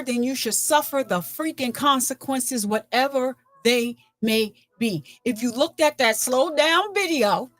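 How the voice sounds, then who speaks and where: A woman's voice: high voice, dry recording. A woman hosting a casual livestream, talking indignantly and chatting with her viewers. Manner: animated, indignant, chats with viewers. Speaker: livestream host.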